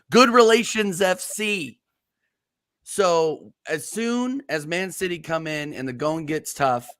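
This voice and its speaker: A heated man talking football on a casual show, launching into an angry rant and doubling up words as he goes. His voice sits on the higher side. The sound is dry and close, with no room echo. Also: fairly bright tone. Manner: heated, ranting, repeats words when worked up. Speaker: co-host of a football podcast. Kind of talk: casual chat.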